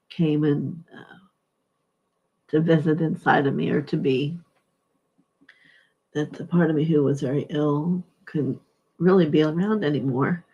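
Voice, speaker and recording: A middle-aged woman speaking as a spiritual speaker, sharing a personal testimony in a halting, heartfelt, soft-spoken way. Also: deep voice, husky, muffled recording.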